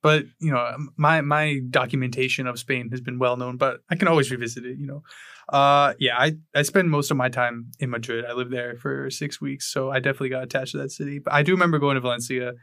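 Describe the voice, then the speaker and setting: A man's voice: medium pitch, steady tone, quick pace, pushed and bright, no echo. Male co-host, laid-back, dry close sound. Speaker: podcast co-host. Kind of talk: casual chat.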